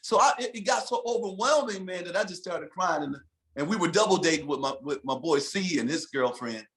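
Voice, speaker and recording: Animated man telling stories. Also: sits high, a little fast. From Detroit, USA. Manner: animated storyteller, peppers speech with "man". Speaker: guest, gospel singer and pastor. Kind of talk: casual conversation.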